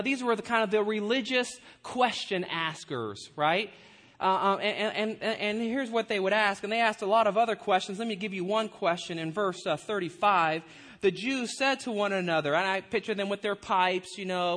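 Male pastor, high voice, animated sermon delivery, plays the crowd's voices. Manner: animated, acts out quoted voices.

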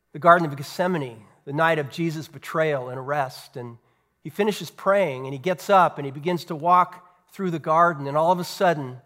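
A man, a pastor, preaching a sermon earnestly, with rhetorical questions and dramatic pauses. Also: fairly high pitch, fairly bright tone.

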